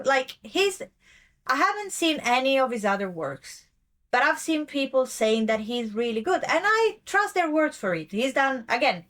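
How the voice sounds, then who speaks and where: Bright-voiced woman ranting in commentary. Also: a little high. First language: not English. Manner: ranting, rambling, emphatic; self-correcting, frequent fillers. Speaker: podcast host. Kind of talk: casual commentary.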